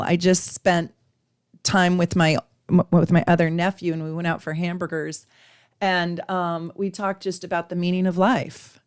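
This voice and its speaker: A chatty, effusive woman gives live astrology readings to her viewers in a casual stream. Her voice is fairly low and she laughs easily. The audio is close and dry, with no room echo.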